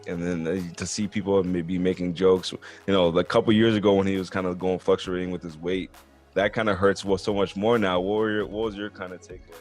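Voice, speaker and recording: A male podcast host with a low-pitched voice, chatting casually and earnestly and dropping "bro" and "man" into his sentences. Faint music sits underneath him. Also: level tone, a little fast, darkish tone. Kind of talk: casual sports podcast chat.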